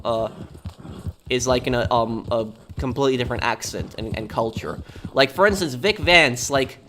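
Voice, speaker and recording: A game streamer from New York chats casually while he plays, in a mid-range, fairly bright voice over a little hiss or hum. He rambles and halts, repeating words as he thinks.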